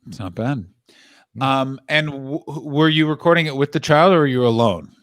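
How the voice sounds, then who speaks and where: A man hosting a casual comedy podcast, teasing his guests and quick to laugh. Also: mid-range voice, fairly bright tone, dry recording, studio quality. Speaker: podcast host.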